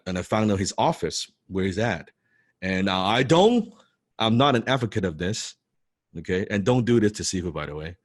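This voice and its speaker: A man in animated storytelling talk, excitable, who often repeats words and swears for emphasis. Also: low-pitched, dry recording, clean studio sound. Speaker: business coach telling a personal story.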